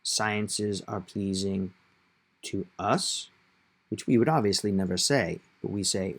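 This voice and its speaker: A man's voice: sits low, slow, slightly rough. A man teaching a Spanish grammar lesson, explaining patiently and step by step, stressing key points.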